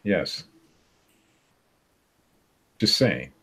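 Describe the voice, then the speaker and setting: A man's voice: low voice, big pitch swings, extremely slow, a bit bright, husky. A man in his fifties co-hosting a podcast, bantering stubbornly and laughing often. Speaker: podcast co-host. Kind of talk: casual banter.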